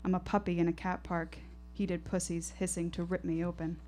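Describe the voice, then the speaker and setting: Low-voiced woman performing intense poetic storytelling. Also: flat delivery, a little fast, darkish tone, a little hiss or hum. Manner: intense, poetic, rhythmic delivery. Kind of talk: live first-person storytelling performance. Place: live showcase stage.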